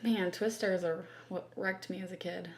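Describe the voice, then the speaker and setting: Podcast guest, woman from California, gravelly, rambling, laughs easily. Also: on the low side, steady tone, moderate pace, echoey room, crowd noise. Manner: giggly, chatty, rambling. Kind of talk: casual chat.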